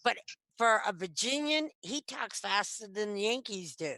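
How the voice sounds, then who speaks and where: A middle-aged woman, a metal detectorist guest on a video call, telling stories in a lively, chatty way. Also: medium pitch, moderate pace, no room sound. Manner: animated, chatty, acts out quoted lines. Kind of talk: casual storytelling. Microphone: computer mic on video call.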